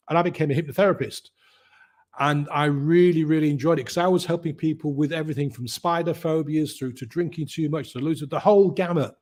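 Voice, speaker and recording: A middle-aged man, a guest telling his story in a lively way and acting out the voices of the people in it. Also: a little high. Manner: lively, acts out quoted voices. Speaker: guest, mindset coach. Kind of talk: animated storytelling.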